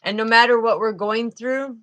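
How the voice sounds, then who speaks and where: Bright-voiced woman doing a spiritual card reading, emotional, keeps repeating herself. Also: a little high, steady tone, normal speed, poor audio. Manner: emotional, fervent, repeats phrases, often says okay.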